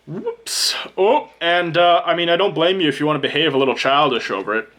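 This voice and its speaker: A man's voice: fairly high pitch, fairly even intonation, fast talker, a bit bright. Man, tarot reader, casual card reading, blunt, joking, profane, sarcastic asides, talks to the viewer. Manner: talks straight to the viewer as "you".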